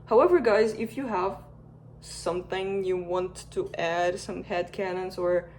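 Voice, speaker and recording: A young woman reading a cozy scenario as a bedtime story, soft and unhurried, with casual chatty asides to her viewers. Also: lowish voice, slight background noise. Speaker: fan content creator.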